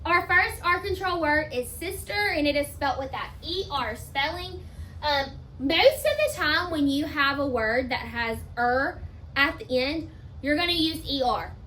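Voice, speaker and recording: A woman teacher giving a spelling lesson, talking slowly and emphatically and sounding words out part by part. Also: high-pitched, lively intonation, sharp tone, a little hiss or hum. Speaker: elementary school teacher.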